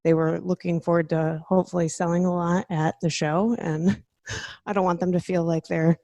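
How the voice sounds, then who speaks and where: A woman's voice: lowish voice, little pitch movement, moderate pace, warm tone, no echo, dull audio. A woman musician joining a podcast over a video call from home, easygoing and casual. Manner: laughing, easygoing. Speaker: musician guest. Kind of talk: casual interview chat.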